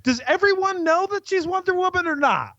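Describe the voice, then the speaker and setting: High, animated man, slightly muffled. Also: fairly quick, no echo. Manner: playful, enthusiastic teasing. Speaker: podcast co-host. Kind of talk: casual podcast banter.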